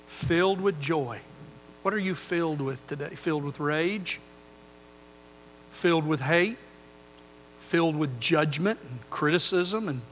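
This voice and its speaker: An older man preaching a sermon as pastor, earnest, moving between loud emphasis and quiet intensity. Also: a little high, long reverb tail, slight background noise.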